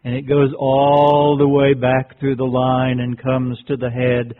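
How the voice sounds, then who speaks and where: A man presenting at a workshop, giving a reflective lecture and telling a teaching story in a measured, deliberate way. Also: mid-range voice, completely flat delivery. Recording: tinny phone-like recording.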